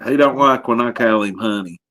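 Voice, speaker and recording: A man's voice: medium pitch, fairly quick, a bit bright, no echo. A man hosting a casual livestream chat, with a teasing, drawling way of talking. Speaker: stream host.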